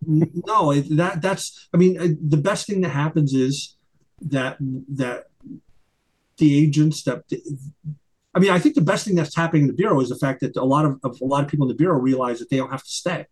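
A middle-aged retired investigator and attorney, a guest in a conversational interview, talks emphatically with many stumbling restarts. His voice is on the high side, a little fast, slightly mellow and husky.

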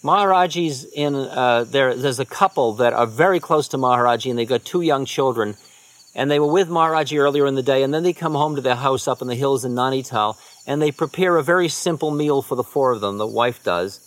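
A man, a spiritual teacher, telling unhurried rambling anecdotes with soft trailing asides. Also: medium pitch. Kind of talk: storytelling talk.

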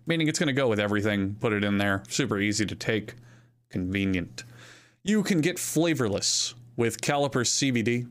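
A young man reads a podcast sponsor spot with loose, joking energy. His pitch sits in the middle range, and he wanders off into silly asides. The tone is casual rather than polished. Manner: joking, rambling, playful. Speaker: podcast host reading ads. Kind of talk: comedic ad read.

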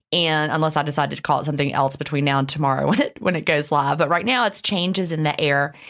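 A woman's voice: fairly low pitch, a bit bright. A woman co-hosting a podcast, talking casually and emotionally, with laughs and restarts. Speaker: podcast co-host.

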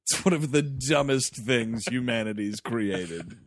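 A man co-hosting a podcast, chatting about a film with lively joking asides. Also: mid-range voice, a little slow, a little hiss or hum. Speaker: podcast co-host. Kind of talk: casual comedic chat.

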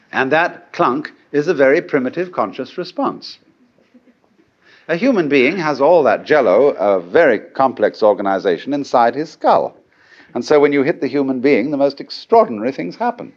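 A middle-aged man lectures on philosophy in a musing, conversational way, his pitch rising and falling freely as he tosses out rhetorical questions. The sound is dull and lo-fi, like an old archival lecture tape.

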